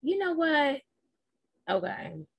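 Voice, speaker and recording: A young adult woman hosting a live recap show, speaking in a fairly high voice that rambles bluntly and swears freely. She addresses her listeners directly. The recording is close and dry, with no room sound. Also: very animated, slow pace, creaky, no room sound, dull audio. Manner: talks straight to listeners. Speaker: podcast host. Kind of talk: casual live recap chat.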